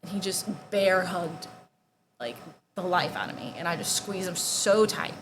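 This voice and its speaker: A woman's voice: on the low side, animated, measured pace, background noise. A young woman giving a personal testimony, casual and full of "like", sometimes dropping to near-whispers. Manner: conversational, heavy use of "like", drops to near-whispers at painful moments.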